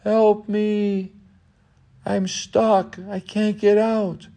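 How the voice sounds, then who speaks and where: A man voicing a polite, frightened young boy in a told bedtime story, speaking softly and pleading. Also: high voice, little pitch movement, very slow, gravelly, voice pushed up, full character voice.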